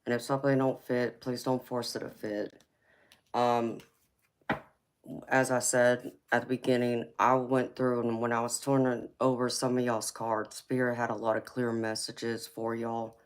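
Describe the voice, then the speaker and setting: A tarot reader with a Southern US accent gives a chatty tarot reading on a live stream, calling her viewers y'all. She has a bass voice and speaks in a relaxed, slightly slow drawl.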